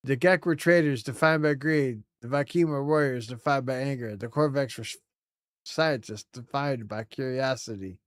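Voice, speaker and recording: A man voicing an ancient, all-knowing cosmic entity from a video game, reading its lines slowly and solemnly. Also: medium pitch, dry recording, clean studio sound, lightly acted.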